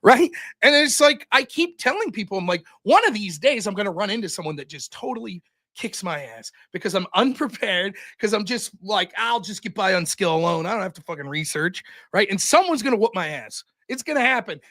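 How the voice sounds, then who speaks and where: A young man hosts his own stream and tells the story in a fast, profane rush. His voice sits high for a man and sounds bright and forceful. He jumps into quoted voices and keeps up a lively, animated pace. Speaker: streamer and debater, show host.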